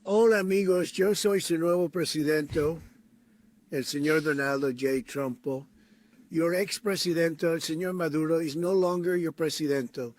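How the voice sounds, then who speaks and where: A man putting on a swaggering older showman of a politician who blusters through a comic speech full of mock-Spanish words. The voice sits a little high for a man. It is recorded close and dry. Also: moderate pace, no room sound, lightly acted. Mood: boastful. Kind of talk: comedic impression video.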